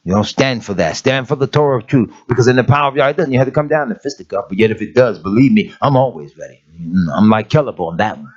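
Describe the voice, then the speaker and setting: A man's voice: mid-range voice, expressive, fast, hardly any pauses, darkish tone. Emphatic middle-aged preacher man. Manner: emphatic, street-plain preaching with repeated "come on, man". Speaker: elder of an assembly. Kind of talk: conversational sermon. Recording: dull lo-fi sermon recording.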